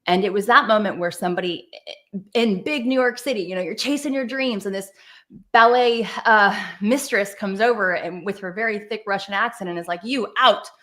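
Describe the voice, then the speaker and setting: A young woman with a Southern American accent, telling stories as a guest on a video-call interview, animated and quick to laugh, with restarts. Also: mid-range voice. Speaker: guest speaker, dance teacher. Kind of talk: conversational interview storytelling. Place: virtual event, video call. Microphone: video call microphone.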